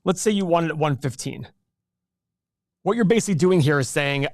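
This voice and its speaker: Guy pitching his investing course, high-ish voice, super energetic, dry close sound. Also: brisk, dry recording. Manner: energetic, animated salesman pitch. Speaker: host teaching an investing class. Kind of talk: live webinar teaching.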